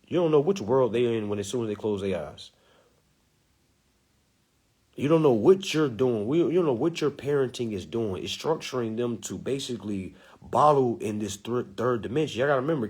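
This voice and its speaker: Man, preachy casual talk, husky voice, lively pitch swings. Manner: preachy, animated, acts out quotes. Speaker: spiritual teacher.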